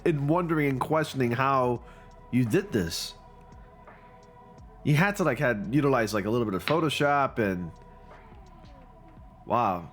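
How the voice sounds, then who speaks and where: A man hosting his channel, giving casual, excitable commentary with gushing reactions and frequent fillers. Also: mid-range voice, moderate pace, pauses often, faint music behind. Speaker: channel host reviewing fan photo submissions.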